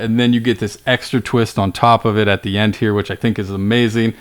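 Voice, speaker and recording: A man's voice: on the low side, steady tone, normal speed, few pauses, smooth. Man chatting casually about films. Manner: rambling, with frequent fillers and self-corrections. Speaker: film podcast co-host. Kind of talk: casual film discussion.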